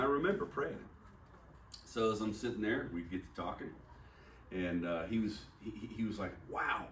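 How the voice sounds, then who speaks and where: Heard through a distant mic in an echoey room with slight background noise, a pastor with a lowish voice preaches. His sermon features a personal story told conversationally and self-deprecatingly, with the dialogue acted out.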